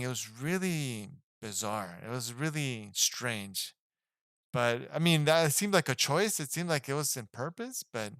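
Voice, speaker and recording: A man's voice: mid-range voice, fairly bright tone, smooth, dry recording, clean studio sound. A man giving a casual spoken film review, rambling and hesitant, with lots of fillers and restarts. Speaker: movie reviewer.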